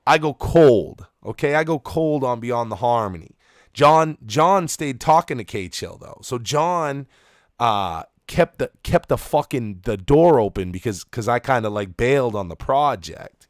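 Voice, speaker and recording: A man's voice: mid-range voice, animated, a little slow, dry recording, studio quality. A man in his thirties, co-host of a podcast, telling a rambling, profane story with lots of restarts. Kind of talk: casual storytelling.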